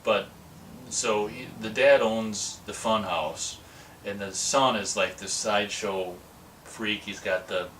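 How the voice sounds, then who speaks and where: A man's voice: lowish voice, fairly bright tone. A man giving a casual, rambling movie review, drifting between points and acting out lines from the film. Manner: rambling, digressive, acts out quotes. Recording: distant mic with faint noise.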